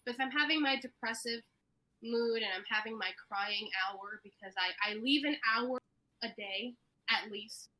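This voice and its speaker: A woman's voice: on the high side, normal speed, sharp tone, poor audio. A woman in her twenties co-hosting a podcast, speaking candidly in casual chat. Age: 20s. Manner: candid, laughs easily. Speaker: podcast co-host.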